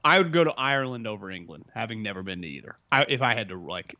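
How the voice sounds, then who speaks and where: A man's voice: fairly low pitch, lively intonation, fast, pushed and bright. Male podcast co-host, casual sports chat, rambling delivery, slightly muffled audio. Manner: rambling, lots of "like" fillers.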